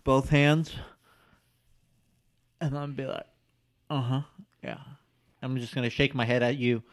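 A man's voice: mid-range voice, fairly even intonation, unhurried. A man playing a tabletop game, playfully describing his character's gestures with some hesitation. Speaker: player.

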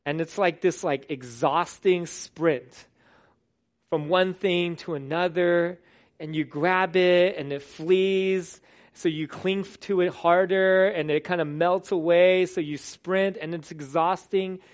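A man's voice: high-pitched, steady tone, slow. A man preaching a sermon in an earnest, conversational way, with some restarts as he explains a passage. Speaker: pastor.

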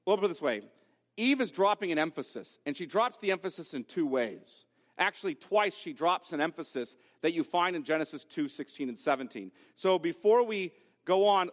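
A pastor preaching an expository sermon, repeating key phrases with emphasis and reading scripture aloud. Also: male voice, on the high side. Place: church sanctuary. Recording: long reverb from a large hall.

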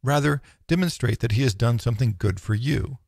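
A man reading a philosophical text aloud in a measured, solemn, declaiming way, close to the mic. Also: mid-range voice, creaky, a little mellow, no echo. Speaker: narrator.

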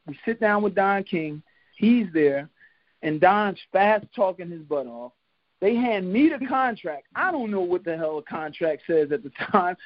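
High-voiced man telling stories. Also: no echo. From Philadelphia, USA. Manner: animated storyteller, laughs often, acts out quotes. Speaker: podcast guest, retired boxer. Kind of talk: casual storytelling interview. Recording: dull lo-fi podcast audio.

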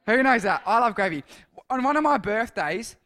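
A man's voice: very high voice, lively intonation, normal speed, pushed and bright. A man with an Australian accent giving a casual sermon, telling a rambling story and often correcting himself as he goes. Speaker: youth speaker.

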